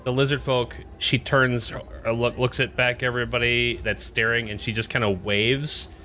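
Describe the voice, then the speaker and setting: Bright-voiced man narrating a tabletop game. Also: mid-range voice, level tone, moderate pace, slight background noise. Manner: loose, filler-heavy narration. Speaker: game master.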